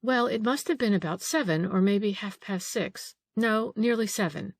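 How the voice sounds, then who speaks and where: A woman's voice: mid-range voice, moderate pace, dry recording, close to an everyday voice. A woman reading an audiobook, voicing an old female housekeeper who grumbles, frets and takes offence easily. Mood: anxious.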